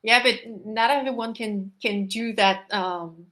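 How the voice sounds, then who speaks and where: A woman's voice: medium pitch, measured pace, a bit bright. A woman guest speaking English as a second language with a non-native accent, talking hesitantly with many fillers in a live interview. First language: not English.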